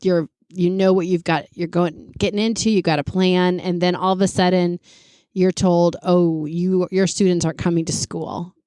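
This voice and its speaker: A woman's voice: fairly low pitch, steady tone, moderate pace, dark tone, clear, resonant tone, dry recording, clean studio sound. A woman hosting a casual interview, asking playful, teasing questions. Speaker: host, interviewer.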